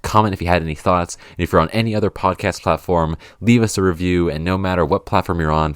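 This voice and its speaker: A man's voice: deep voice, no room sound, studio quality. A man co-hosting a podcast in laid-back casual chat, laughing and rambling. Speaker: podcast co-host.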